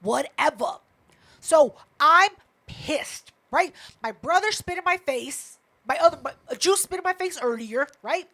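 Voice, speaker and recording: A woman's voice: sits high, lively intonation, unhurried, a bit bright. A woman co-hosting a podcast, telling a story in casual chat, emphatic, heated and full of swearing. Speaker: podcast co-host.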